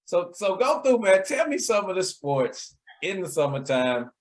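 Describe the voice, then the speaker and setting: A man's voice: high-pitched, big pitch swings, measured pace. A man co-hosting a podcast in casual sports chat, laid-back, laughing often and saying "man" a lot. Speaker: podcast co-host.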